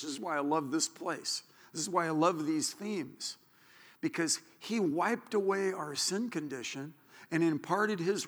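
A man preaching a sermon as pastor, telling stories with joking asides. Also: a little high. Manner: animated storytelling, joking asides. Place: church sanctuary. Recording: church hall reverb.

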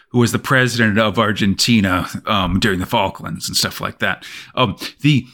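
A man co-hosting a podcast, casually retelling a comic's plot with lively storytelling and lots of "sort of" hedges. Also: fairly low pitch, moderate pace. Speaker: podcast co-host. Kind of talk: casual chat recapping a comic.

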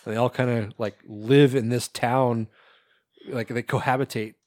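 A man co-hosting a podcast, chatting casually about films, swearing freely, laughing often and filling pauses with "like" and "um". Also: medium pitch, fairly even intonation, a little mellow, no echo, studio quality. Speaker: podcast co-host. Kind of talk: casual film chat.

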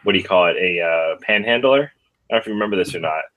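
A man in his thirties chatting casually on a podcast, relaxed, saying "dude" and restarting his sentences. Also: low voice, rapid-fire, narrow, tinny audio.

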